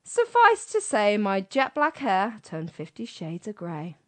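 A British woman co-hosting a casual radio chat show and reading a comic poem aloud with brisk, playful emphasis. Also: medium pitch, huge pitch swings. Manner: brisk, chatty, reads verse with comic emphasis. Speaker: co-host.

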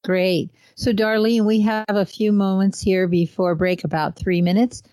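A woman hosting a talk radio show, chatting casually and telling stories with lively laughter. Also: mid-range voice, unhurried, dry recording.

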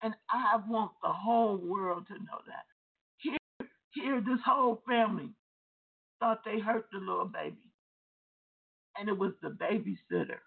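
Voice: medium pitch, very animated, unhurried, vocal fry, pauses often, breathy edge. A minister preaching a testimony, telling a story with emphatic repetition and restarts. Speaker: deliverance minister. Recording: tinny phone-like lo-fi sound.

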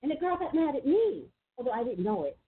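A woman's voice: high voice, big pitch swings. A chatty woman hosts a psychic call-in show, talking in an emphatic, rambling way. Her voice comes through thin and tinny, like a phone line. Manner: chatty, emphatic, quick asides. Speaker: psychic radio host. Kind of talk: casual call-in talk.

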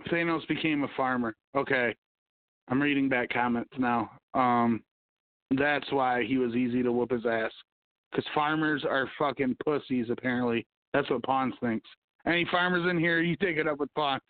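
A man's voice: medium pitch, normal speed, no echo. A man hosting a casual livestream podcast, ranting and swearing as he reads the news and the comments. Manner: profane, ranting, hums to himself. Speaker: podcast host. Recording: tinny phone-like sound.

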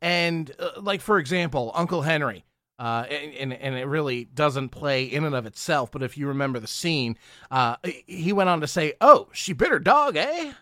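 A man's voice: fairly high pitch, normal speed, a bit bright, no room sound, clean studio sound. A man co-hosting a podcast, chatting casually and hesitantly, stammering and restarting his words. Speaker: podcast co-host. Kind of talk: casual chat.

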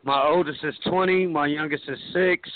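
A man in his forties from Cleveland, Ohio, introducing himself as a caller in a casual, steady way. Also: fairly high pitch, normal speed, dry recording. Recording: tinny phone-line audio.

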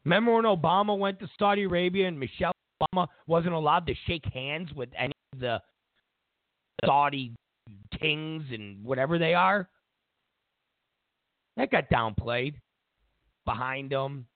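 A man hosting a show, giving an opinionated political commentary as a mocking, animated rant. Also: fairly high pitch, normal speed, long pauses, dry recording. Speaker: show host. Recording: tinny phone-like dry audio.

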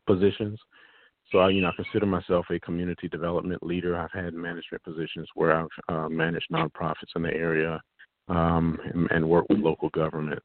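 Deep flat-voiced guy on a dry phone line, lots of um and you know. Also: gravelly, dry recording. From South Carolina Low Country. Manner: hesitant, many fillers and restarts. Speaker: congressional candidate. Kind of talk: phone-in campaign interview answers.

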